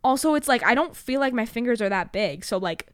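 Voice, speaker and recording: A woman's voice: on the high side, lively intonation, brisk, clear, resonant tone, no room sound, clean studio sound. A sixteen-year-old girl hosting her own podcast, chatting casually with lots of fillers, swearing and self-mocking jokes. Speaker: podcast host. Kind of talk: casual solo podcast chat.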